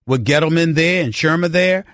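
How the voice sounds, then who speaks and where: A man holds forth on sports talk radio, pressing every point with insistent repetition. His voice is hoarse and worn after a throat procedure. The studio sound is dry and close. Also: a little high, moderate pace, fairly bright tone, no room sound. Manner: emphatic, opinionated, repetitive for stress.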